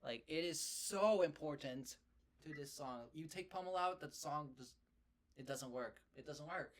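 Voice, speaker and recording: A man's voice: fairly high pitch, measured pace, a little hiss or hum. A young man co-hosting a casual podcast, giving emphatic opinions and rankings. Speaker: podcast co-host. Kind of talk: casual chat.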